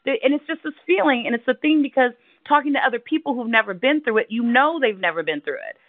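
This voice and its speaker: Woman cohost, high voice, lively storyteller, tinny phone-like sound. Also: quick pace, dry recording. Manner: animated storyteller, acts out quotes in high voices. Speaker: podcast co-host. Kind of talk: casual chat. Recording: tinny phone-like remote line.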